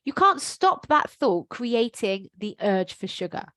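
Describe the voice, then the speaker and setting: Lively woman coaching to camera. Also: a little high, a little slow, no room sound. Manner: lively, frank and emphatic, casual swearing. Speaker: life coach. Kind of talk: motivational coaching talk to camera.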